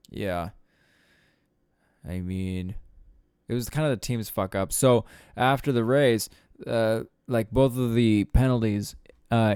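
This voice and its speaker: A man's voice: fairly low pitch, darkish tone, clean tone, dry recording, clean studio sound. Rambling, swearing male podcaster. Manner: rambling, swears casually, frequent fillers. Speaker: podcast host. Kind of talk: casual solo rambling monologue.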